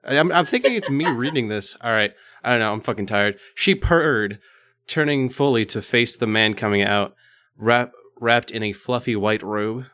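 A man's voice: mid-range voice, expressive, normal speed, pushed and bright. A man co-hosting a podcast, joking around and reading a racy story aloud with mock drama and stumbles. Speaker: podcast co-host. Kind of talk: casual chat and reading smut aloud.

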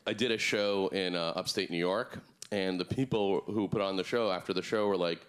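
A man in his thirties doing a deadpan, absurd stand-up routine on a club stage, jumping up into a high voice for the people he quotes. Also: moderate pace, smooth. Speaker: stand-up comedian. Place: comedy club stage before a live audience.

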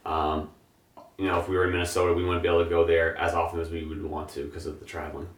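A young man, a hemp grower, chatting casually as a guest in an interview, relaxed and rambling with lots of fillers. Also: low-pitched, fast talker. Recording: echoey room, distant mic.

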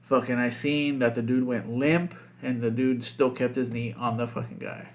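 A man's voice: medium pitch, little pitch movement, normal speed, slight background noise. A man co-hosting a casual podcast chat, rambling with lots of fillers and constant swearing. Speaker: podcast co-host.

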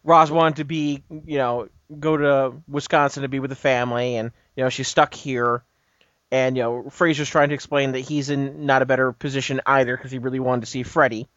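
A man's voice: medium pitch, level tone, a little fast, fairly bright tone, no room sound. Rambling man recapping, dull dry audio. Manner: rambling retelling with frequent "you know" and "uh". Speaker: podcast co-host. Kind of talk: casual episode recap.

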